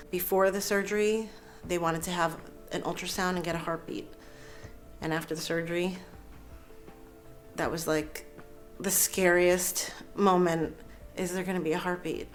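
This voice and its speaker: A woman in her thirties speaking in a lower-than-usual register, telling her own story with candid, unpolished earnestness. She pauses often, fills gaps with soft "ums", and laughs lightly now and then as she talks. Faint music plays quietly underneath. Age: 30s. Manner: earnest, halting, with frequent fillers and soft laughs. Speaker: interviewee sharing a personal story. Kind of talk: candid personal testimony.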